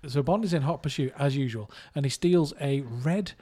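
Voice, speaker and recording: A man from England co-hosting a casual movie podcast, jokey and quick to laugh. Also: medium pitch, warm tone, slightly rough. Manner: jokey, laughs often, slips into put-on voices. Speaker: podcast co-host.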